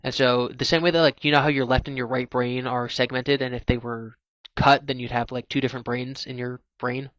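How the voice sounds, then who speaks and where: A man's voice: medium pitch, level tone, a little fast, a bit bright, dry recording. Man, live-stream host, rambling explainer, dull lo-fi sound, dry close mic. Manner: chatty, explains at length with many "like"s. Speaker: podcast host. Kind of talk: casual live-stream chat.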